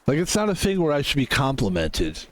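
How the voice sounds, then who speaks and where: Animated, rambling male streamer. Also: mid-range voice, brisk, dry recording. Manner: rambling, self-mocking, swears freely. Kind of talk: casual chat while gaming on stream.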